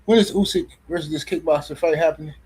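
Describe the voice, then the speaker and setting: Husky-voiced man ranting on a livestream. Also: on the high side, quick pace, a little mellow, low-quality recording. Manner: slangy, repeats himself, rants and reads super chats. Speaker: boxing livestream host. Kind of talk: casual livestream commentary.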